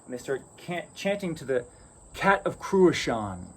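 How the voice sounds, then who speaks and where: A man's voice: fairly high pitch, very animated, a little slow, slight background noise. A man telling an improvised folk tale in a loose, chatty way, with asides and restarts. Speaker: storyteller. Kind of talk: improvised oral storytelling. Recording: outdoor recording with loud crickets.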